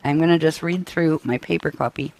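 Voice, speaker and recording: A man presenting a live-stream workshop briefing, tired and coughing, with his voice giving out and frequent halting restarts. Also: fairly high pitch, gravelly, a little mellow, slight background noise. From United States. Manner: tired, up all night.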